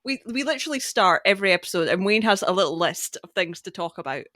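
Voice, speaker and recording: A woman's voice: mid-range voice, animated, fast, pushed and bright. A woman guest on a podcast, speaking bluntly and laughing as she chats. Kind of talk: casual podcast chat.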